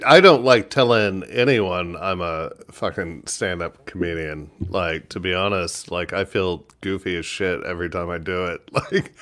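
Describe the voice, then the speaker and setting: Man, stand-up comedian, casual chat, profane, animated storytelling. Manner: profane, animated storytelling, slipping into high voices for other people.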